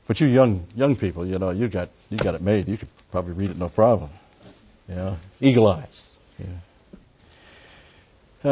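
An older man leading an informal Bible study in a rambling, folksy way, slowing down and raising his voice to read verses aloud. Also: low voice, dark tone, slightly rough, highs cut off. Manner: rambling, folksy, with many digressions and "uh" fillers.

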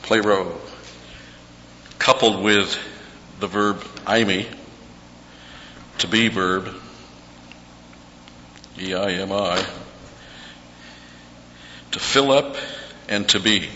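A man preaching an expository sermon in a slow, deliberate cadence, his voice bright and forceful and a bit low. He repeats key words for emphasis. The sound is dull and carries a long hall reverb over a faint hum.

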